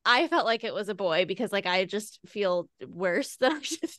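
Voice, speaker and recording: A woman's voice: medium pitch, animated, normal speed, a bit bright, no room sound, studio quality. A woman in her thirties, co-hosting a podcast, telling a personal story in a chatty way full of "like". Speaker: podcast co-host. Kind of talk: casual chat.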